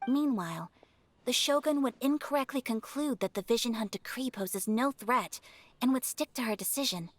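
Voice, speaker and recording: A calm noble strategist. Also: male voice, very high voice, no room sound. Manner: measured and composed.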